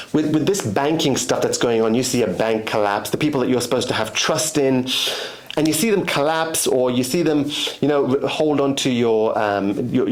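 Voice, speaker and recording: A man's voice: fairly high pitch, a little mellow. A man giving a motivational monologue as host, emphatic and repetitive, often restarting his sentences.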